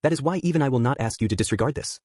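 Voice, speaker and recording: A man's voice: medium pitch, very fast, a little mellow, no room sound, studio quality, lightly acted. A man voicing a falsely polite, unsettling female cult leader who apologizes constantly in a sugary way.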